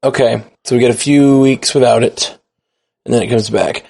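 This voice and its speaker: A man's voice: medium pitch, steady tone, normal speed, gravelly, a little mellow. A man co-hosting a podcast in casual chat, rambling and correcting himself as he talks. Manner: rambling, self-correcting, easygoing. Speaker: podcast co-host.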